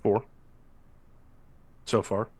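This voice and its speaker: A man's voice: drawn-out words, a little mellow. A man taking part in a tabletop game who talks in a dry, wisecracking way. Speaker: player.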